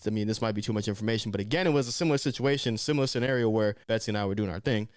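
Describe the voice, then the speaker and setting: Young male vlogger, quick slangy storytelling, smooth clear voice, dry close sound. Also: fairly low pitch, no room sound. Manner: slangy, animated, conversational. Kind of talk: casual storytelling.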